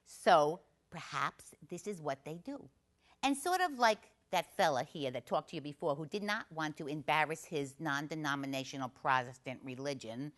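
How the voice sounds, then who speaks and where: Playing a brash, chatty Italian-American aunt from northern New Jersey, a woman tells a comic story in a confiding, gabbing mood with a New Jersey accent, asking the audience questions. Her voice is low-pitched and animated at a normal speed.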